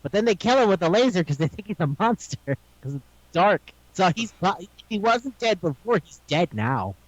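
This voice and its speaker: Man, casual podcast chat, fairly high voice, dry dull recording, swears a lot, acts out lines. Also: big pitch swings, normal speed, no echo. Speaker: podcast co-host. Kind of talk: casual chat recapping an anime episode.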